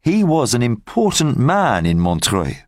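A man narrating a simplified audiobook, telling the story in slow, clear sentences. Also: mid-range voice, wildly swooping pitch, no echo. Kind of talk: graded-reader audiobook narration. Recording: dry close audiobook mic.

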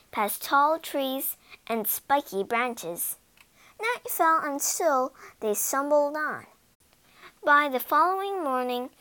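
Woman reading a kids story out loud, high lively voice, slow and dramatic. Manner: animated, dramatic. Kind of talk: expressive storybook read-aloud.

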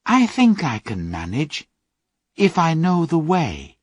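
A man voicing a poor young mother who speaks softly and gratefully in a storybook reading. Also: fairly high pitch, wildly swooping pitch, takes it slowly, breathy edge, no room sound, pitched above the performer's own voice, full character voice. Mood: pleading.

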